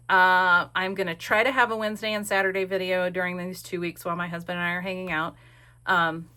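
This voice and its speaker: A woman's voice: fairly low pitch, sharp tone. Chatty woman rambling over crafts. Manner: rambling, chatty, with many fillers. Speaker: crafting vlogger. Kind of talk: casual crafting vlog chat.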